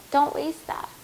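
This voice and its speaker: A woman's voice: darkish tone, low-quality recording. A woman giving a heartfelt spiritual tarot reading, earnest and reassuring, speaking to viewers as her loves. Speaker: tarot reader.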